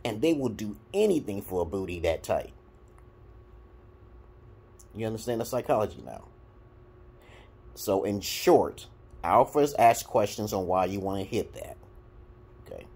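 Pausing often, this New York-accented man from Brooklyn delivers crude, blunt dating advice to the camera in an unhurried, casual rant. His lowish voice is slightly rough and carries vocal fry. As a vlogger, he's animated and shifts between loud and muttered delivery.

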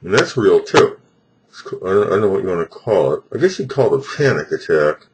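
低めの声の男性が、自宅での歯のセルフケアを説明しながら、言い直しを交えて途切れ途切れに考えを口にする。背景にかすかなノイズ。. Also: male voice, low voice, sing-song, darkish tone, a little hiss or hum, rough recording. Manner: halting, thinking aloud with frequent restarts. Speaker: home dental self-care demonstrator. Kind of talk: talking through a self-treatment on camera.

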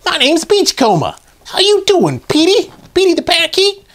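A man voicing a chatty male toy robot with a put-on Southern drawl, high, fussy and showy. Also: wildly swooping pitch, normal speed, fairly bright tone, exaggerated voice.

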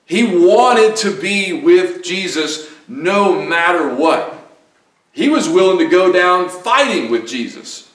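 A pastor with a Southern US accent preaches an earnest, emphatic sermon, often repeating phrases for weight. His voice sits high, bright, and slow with lively intonation, heard from a distance in an echoey church sanctuary.

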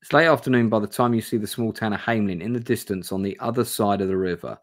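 Fast and fairly low-voiced, a man plays through a gamebook live from a room at home, on camera. He reads casually, curses, and talks with the people watching.

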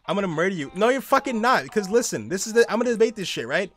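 A man streaming a game, ranting casually in a profane, rambling, excitable way. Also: sits high, racing, a little hiss or hum. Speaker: gaming streamer. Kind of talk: casual rant while playing a game.

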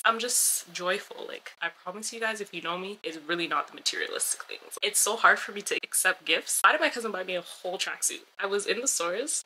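A young woman vlogging casually, chatty and expressive with lots of slang. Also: lowish voice, a little hiss or hum, low-quality recording. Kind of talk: casual vlog chat.

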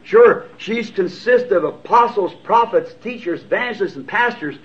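Southern preacher, fifties, high tenor, earnest folksy delivery, dull old tape. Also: male voice, expressive, normal speed. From United States. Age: 50s. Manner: earnest, folksy, self-deprecating. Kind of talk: sermon answering written questions. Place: church sanctuary. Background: congregation answering amen.

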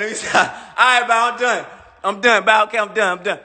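A man's voice: high voice, fairly even intonation, a little fast, bright, forceful tone. A man in his thirties on a phone livestream, boastfully mocking a rival with repetitive jabs. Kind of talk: taunting livestream rant. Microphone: phone mic. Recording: long echoey reverb.

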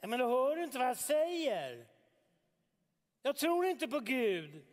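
A man's voice: very high voice, big pitch swings, a little slow, in a large hall, heavily acted. An actor in a radio drama playing a defiant young man in a heated, scornful family argument. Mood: arguing. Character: defiant young man arguing with his father.

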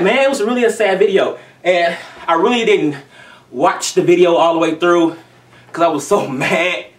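A man's voice: a little high, far from the mic. Emphatic male vlogger, heated repetitive rant; roomy sound, set back from the mic. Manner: heated, emphatic, repeats himself. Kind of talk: ranting commentary vlog.

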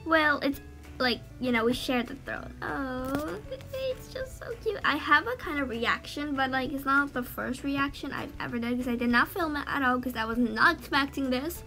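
A woman's voice: high-pitched, normal speed, bright, forceful tone, faint music behind. A woman hosting a game reaction vlog, teary and gushing, often trailing off and restarting her sentences. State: teary, near crying. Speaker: gaming channel host.

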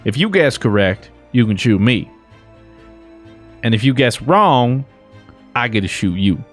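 A young man chatting over a game while joking in a put-on gruff Western drawl. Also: medium pitch, very animated, unhurried, faint music behind. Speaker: gaming YouTuber. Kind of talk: joking gameplay chat with put-on cowboy voices.

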